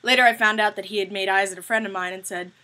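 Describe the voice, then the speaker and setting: A young woman in college telling funny stories to her camera in a casual, animated way, swearing freely and joking. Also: medium pitch, quick pace. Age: young adult. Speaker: vlogger.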